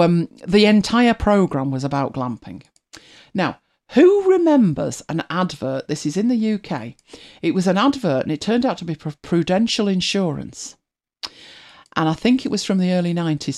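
A host chatting casually and retelling a TV scene, animated and laughing often. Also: medium pitch. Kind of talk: casual storytelling chat.

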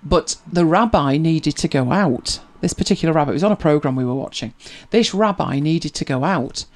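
Fairly quick and animated, this mid-range voice belongs to a tech help show host. The host is chatty, laughs readily, and repeats words when starting to speak while casually answering questions from viewers.

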